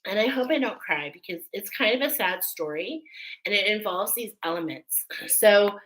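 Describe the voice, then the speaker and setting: Bright-voiced woman giving a spiritual reading. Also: mid-range voice, animated, normal speed, low-quality recording. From Irish Catholic family. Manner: chatty, emotional, often asks "okay?". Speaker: oracle card reader. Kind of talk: spiritual card reading, live.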